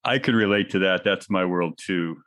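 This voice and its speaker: A man's voice: low-pitched, moderate pace, fairly bright tone. A man hosting an interview, asking closing questions and answering with brief affirmations. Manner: brief affirmations and easy laughter. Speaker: podcast host. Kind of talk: casual interview.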